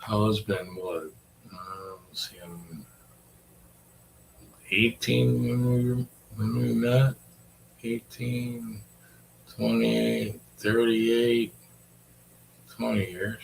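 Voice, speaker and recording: A man's voice: fairly low pitch, takes it slowly, vocal fry, long pauses, a little hiss or hum. A man in his forties rambling in a casual, profane chat and talking to his dog. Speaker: vlogger.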